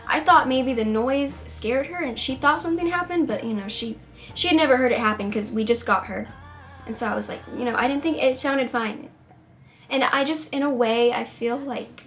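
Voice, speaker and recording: Tearful high-voiced woman with a drawl. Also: a bit bright. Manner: rambling, halting, many trailing restarts. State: tearful, on the edge of crying. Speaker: singer-songwriter vlogger. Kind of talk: emotional personal storytelling to camera.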